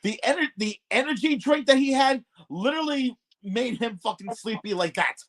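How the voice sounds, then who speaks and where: High-voiced profane New storyteller. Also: male voice, moderate pace. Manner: animated, profane, rambling with restarts. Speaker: podcast guest co-host. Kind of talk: casual storytelling chat.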